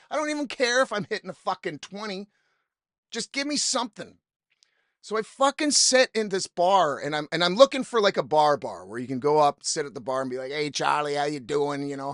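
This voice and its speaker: A man's voice: high voice, a bit bright, no room sound, studio quality. A man hosting a podcast, telling a story in an exasperated, profane, rambling way, often quoting people he met. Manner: profane, exasperated ranting with quoted asides. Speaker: podcast host. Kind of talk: casual storytelling monologue.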